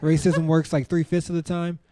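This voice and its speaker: A man's voice: on the high side, level tone, a little fast, crowd noise. A male stand-up comedian talking to a live audience on stage in a conversational style, full of asides like "you know" and "like".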